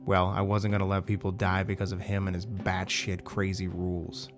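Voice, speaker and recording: A man narrating a first-person horror story in a measured, dramatic way. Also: low-pitched, completely flat delivery. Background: faint background music.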